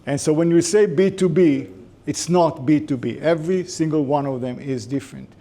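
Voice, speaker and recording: A man's voice: on the high side, normal speed, warm tone. A man giving a conversational business lecture to a class, with informal joking asides.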